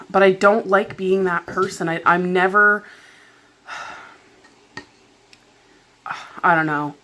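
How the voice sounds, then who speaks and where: A woman's voice: lowish voice, fairly even intonation, drawn-out words, pauses often, bright, forceful tone, a little hiss or hum. A woman vlogger telling a story at home in a casual, chatty way, with lots of "like" and an exasperated, venting tone. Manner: chatty, heavy filler "like", exasperated retelling.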